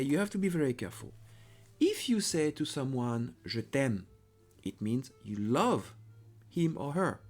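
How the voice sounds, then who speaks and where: Slow, lively French teacher. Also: male voice, mid-range voice. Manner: patient, repeats phrases slowly, corrects himself. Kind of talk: slow language lesson with repeated phrases.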